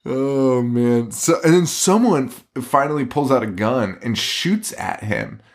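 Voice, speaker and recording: A man's voice: mid-range voice, animated, unhurried. A young man co-hosting a podcast, recapping a film in a loose, profane, laughing way. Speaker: podcast co-host. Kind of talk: casual chat.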